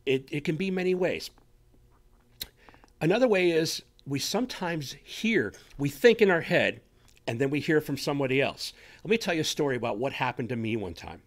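A man hosting a faith show, giving a conversational sermon and talking straight to his listeners with a frequent "okay?". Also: on the high side. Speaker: radio show host teaching on faith.

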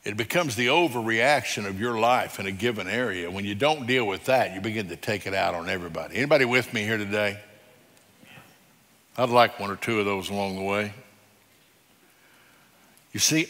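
A male pastor preaching a sermon, emphatic and direct, moving between loud declarations and quiet, low passages. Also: big-room sound. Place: church sanctuary.

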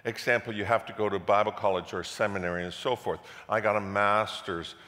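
Male pastor, low-pitched, forceful delivery in a reverberant sanctuary, storytelling sermon. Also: fairly quick. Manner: animated storytelling, repeats words, rises to loud passionate peaks. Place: church sanctuary. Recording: echoey church hall.

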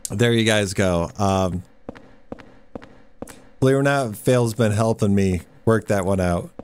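A male game streamer chatting casually as he plays. He talks slowly and easily in a fairly low voice. He chuckles often between remarks. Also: expressive, a little mellow, slight background noise. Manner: laid-back, chuckling often. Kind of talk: casual gameplay commentary.

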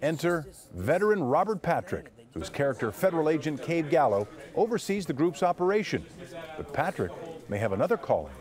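A man reporting an entertainment news feature with an upbeat, lively delivery. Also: fairly high pitch, brisk.

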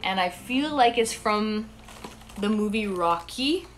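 A woman's voice: mid-range voice, expressive, takes it slowly, slight background noise. A woman streaming live, chatting casually and talking straight to her viewers. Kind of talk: casual livestream chat.

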